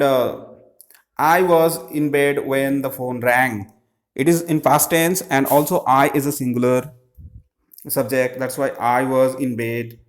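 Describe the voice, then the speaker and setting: A man, explaining textbook grammar answers slowly, with many pauses and fillers. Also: mid-range voice. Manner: slow, halting, many "uh" fillers. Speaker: English teacher.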